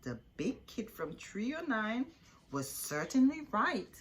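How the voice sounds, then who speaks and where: A woman reading a children's picture book aloud as a storyteller, in an expressive, deliberate way. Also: on the high side, a little hiss or hum.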